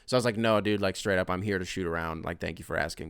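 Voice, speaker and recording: Casting note: young male host in his twenties, smooth clear voice, dry close sound, swears freely while rambling through a story. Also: sits low, quick pace, dry recording. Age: 20s. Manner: profane, rambling, animated retelling. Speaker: podcast host. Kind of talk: casual monologue storytelling.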